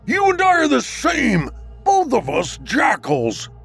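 A man voicing a taunting, furious male shadow jackal creature that snarls and shouts taunts. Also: very high voice, wildly swooping pitch, takes it slowly, creaky, breathy edge, pitched above the performer's own voice, exaggerated voice.

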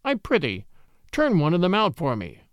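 Jovial outlaw, archaic talk, lively pitch, read by a man. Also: normal speed, no room sound, studio quality. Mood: merry. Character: swaggering merry outlaw, adult man.

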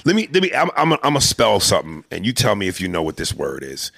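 A man hosting a podcast in casual chat, profane and excitable, tripping over his words. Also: on the low side, fast, vocal fry, no echo, clean studio sound. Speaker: podcast host.

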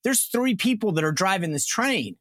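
A man hosting a podcast, talking in an animated, incredulous way as he questions his guest. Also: high-pitched, moderate pace, dry recording. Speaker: podcast host. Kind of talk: casual interview and read ad.

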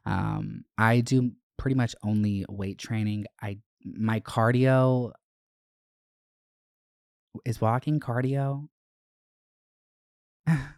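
A podcast host in their twenties, chatting casually with a sassy, slangy, animated storytelling manner. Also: mid-range voice, very slow, vocal fry, long pauses, dry recording, studio quality. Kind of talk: casual chat.

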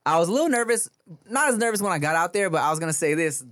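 A man co-hosting a podcast, chatting casually and swearing in a relaxed way. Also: sits high, very fast, dry recording, studio quality. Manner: laid-back, swears casually, lots of listening backchannel. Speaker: podcast co-host. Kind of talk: casual chat.

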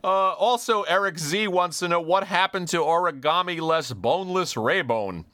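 A male podcast host with a slightly high, animated voice works through listener questions in casual chat. He reads briskly and chuckles between items, and the sound is dry and close. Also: dry recording.

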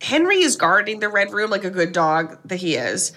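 A woman with a bright, clear voice retells a horror film for her co-host. She talks in an animated, sarcastic way, swearing now and then in casual podcast chat. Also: medium pitch, moderate pace. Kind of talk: casual movie recap chat.

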